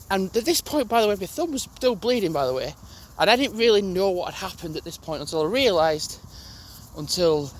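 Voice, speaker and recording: A man's voice: high-pitched, slight background noise. Rambling young Englishman telling a story. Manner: rambling, restarts and swears while retelling. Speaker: gaming channel host. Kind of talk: casual storytelling to camera.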